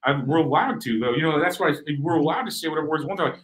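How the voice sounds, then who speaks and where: A man chatting as a podcast guest, animated and swearing, acting out voices and often saying "bro". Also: on the high side, very fast, poor audio. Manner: animated, swears, acts out quoted voices, says "bro" a lot. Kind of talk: casual chat.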